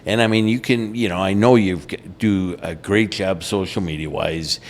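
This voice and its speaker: A man's voice: low-pitched, fairly even intonation, moderate pace, slight background noise. A man hosting an interview show, chatting casually and encouraging his guest. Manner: encouraging, short affirmations. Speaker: show host.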